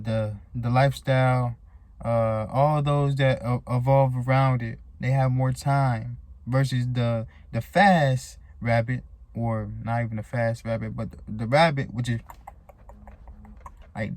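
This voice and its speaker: A man's voice: medium pitch, dry recording. A man hosting his own channel, giving a casual motivational talk to camera and acting out a tired runner. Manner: slangy, repetitive, acts out a tired runner. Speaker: channel host.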